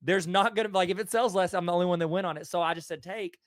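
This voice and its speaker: A man's voice: sits high, very fast, no room sound, clean studio sound. A man with a Southern US accent hosting a casual conversation, telling stories with enthusiasm. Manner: enthusiastic storytelling. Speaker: host.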